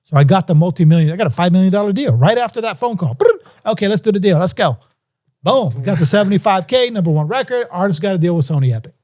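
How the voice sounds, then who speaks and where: A man's voice: sits high, expressive, fast talker, darkish tone. A middle-aged man and music producer telling a story in an interview, acting out phone calls in different voices.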